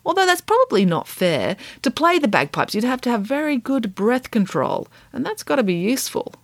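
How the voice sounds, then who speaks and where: A woman voicing a dry-witted, joking mother in a read-aloud story, with deadpan, playfully absurd reasoning. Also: on the high side, fairly quick, dry recording, pitched above the performer's own voice. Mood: wry.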